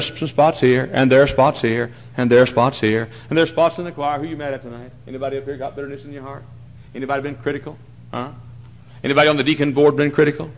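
A pastor with a mid-range voice preaches a sermon from the pulpit of a large church. He emphatically presses the congregation with repeated questions, swinging between hushed asides and loud preaching.

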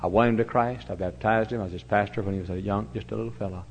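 An older man preaching a sermon in a church. He tells stories with big swings from loud to hushed. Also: lowish voice, steady tone, fast talker, vocal fry, breathy edge. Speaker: pastor. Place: church sanctuary. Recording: dull, lo-fi church recording with faint hum.

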